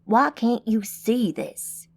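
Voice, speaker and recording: A man's voice: extremely high pitch, slow, full character voice. A woman playing a scornful male mage. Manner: scornful, accusing. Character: hostile suspicious male mage.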